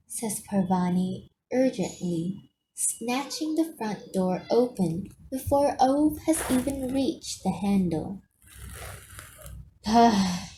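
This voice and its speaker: A woman reading a novel aloud as audiobook narration, in a soft storytelling manner. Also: a little high, a little hiss or hum, low-quality recording. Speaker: audiobook reader.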